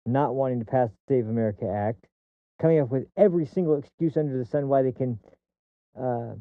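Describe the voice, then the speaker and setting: A man's voice: mid-range voice, a little fast, dry recording. A male livestream host giving political commentary, ranting in a heated, profane way and often repeating and restarting words mid-sentence. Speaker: streamer host. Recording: dry, tinny phone-like audio.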